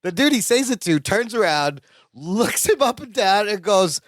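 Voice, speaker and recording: A man with a notably high voice retells a sitcom scene with animated energy, slipping into character quotes and laughing often. The sound is dry and close, with no room around it. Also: moderate pace, no echo. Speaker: podcast co-host. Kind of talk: casual recap chat.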